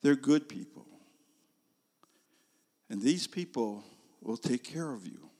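A man preaching voices a kind Hawaiian man gently coaxing someone to come with him. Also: mid-range voice, animated, slow. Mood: reassuring. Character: kindly Hawaiian man, concerned and reassuring.

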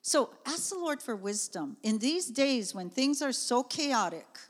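A woman's voice: sits high, a little slow. Woman preaching in an echoing church hall. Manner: conversational, animated storytelling with asides. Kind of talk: sermon. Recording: long reverb of a church hall.

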